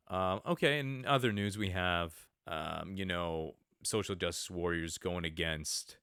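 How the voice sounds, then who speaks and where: A man's voice: sits low, fairly bright tone, clear, resonant tone, dry recording, studio quality. A man hosting a podcast, rambling through casual commentary with many fillers and sarcastic asides. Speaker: podcast host.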